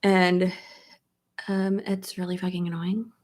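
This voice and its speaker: A woman's voice: on the low side, little pitch movement, slow pace. A young woman with a cold-stuffed nose talks through her makeup routine in a loose, blunt way. She swears freely and reads comments aloud as she goes. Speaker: beauty vlogger. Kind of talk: casual get-ready-with-me chat while doing makeup. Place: home, at a makeup table.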